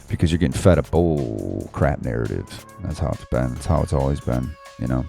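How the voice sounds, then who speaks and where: A man's voice: extremely low pitch, animated, brisk, creaky, dark tone, soft background music. A man hosting an online Bible study, ranting heatedly and rambling in slang, laughing to himself between points. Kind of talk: casual ranting commentary.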